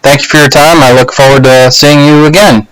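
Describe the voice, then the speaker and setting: Halting man telling a story. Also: a little high, fairly even intonation, fairly bright tone, rough recording. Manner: unhurried, halting, many "uh" and "you know" pauses. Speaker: speaker giving a practice speech. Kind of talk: casual personal storytelling to camera. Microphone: laptop webcam.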